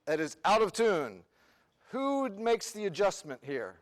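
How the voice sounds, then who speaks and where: Man, band clinician, slightly high voice, counts off players, sings rhythms, quick questions, long hall reverb. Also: sing-song. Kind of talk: rehearsing a concert band. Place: band rehearsal room.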